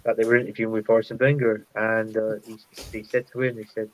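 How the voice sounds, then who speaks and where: A man's voice: lowish voice, little pitch movement, fast talker, rough recording. A man on a football podcast panel, chatting casually and telling anecdotes over a video call. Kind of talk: casual chat.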